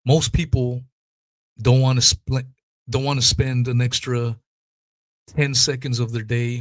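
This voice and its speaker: Brief: male podcast host, foul-mouthed heated rant, mid-pitched, dry close sound. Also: no room sound. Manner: profane, blunt, heated. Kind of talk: casual ranting monologue.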